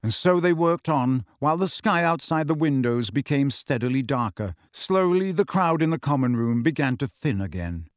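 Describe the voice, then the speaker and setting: A man reading an audiobook aloud in an expressive storytelling manner. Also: medium pitch, normal speed, hardly any pauses, no echo, clean studio sound. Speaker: audiobook narrator. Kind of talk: scripted audiobook narration.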